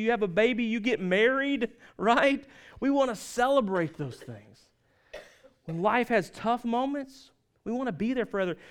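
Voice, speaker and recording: High-voiced animated preacher. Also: male voice. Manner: animated preaching, rapid lists of scripture with emphatic stresses. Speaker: pastor. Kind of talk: sermon.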